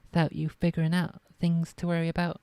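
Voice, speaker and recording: A woman's voice: on the low side, completely flat delivery, fairly quick, darkish tone, clear, resonant tone, no echo, natural voice. A woman reading aloud as a weary rural American man on parole, in a drawled folksy dialect. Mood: reassuring.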